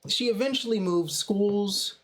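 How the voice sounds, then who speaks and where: A young man casually telling a personal story in a slangy, animated way. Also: high voice, unhurried. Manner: slangy, animated retelling with "bro" and "you know". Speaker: storytime vlogger.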